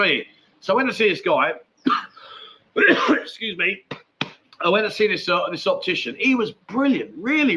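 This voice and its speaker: Bright, rambling man hosting a livestream. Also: on the high side, highs cut off. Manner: rambling, chatty, matey. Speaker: livestream host. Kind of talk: casual live chat reading viewer comments.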